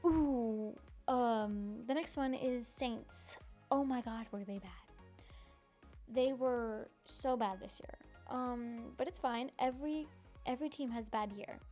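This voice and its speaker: A woman's voice: on the high side, takes it slowly, a little mellow, soft background music. Bubbly young woman, giggly podcast chat. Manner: bubbly, gushing, giggly, many ums and likes. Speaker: podcast host. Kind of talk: casual solo podcast chat.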